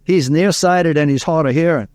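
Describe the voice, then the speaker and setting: A man voicing an old grumpy male Cajun farmer with a Cajun accent, calling out in a high, loud drawl. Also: normal speed, no room sound, studio quality, natural voice. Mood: gruff.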